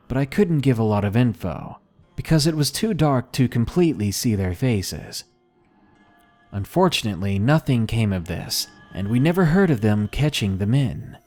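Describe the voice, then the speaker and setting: Low-voiced man narrating horror stories. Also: darkish tone. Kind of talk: scripted first-person narration of submitted stories.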